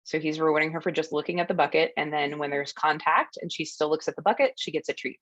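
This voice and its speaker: Casting: relaxed woman workshop presenter, slightly low voice, dull lo-fi webinar audio. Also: fast, no echo. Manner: friendly, explanatory, narrates clips with ums and laughs. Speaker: dog trainer presenting a workshop. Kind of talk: educational webinar talk over video clips.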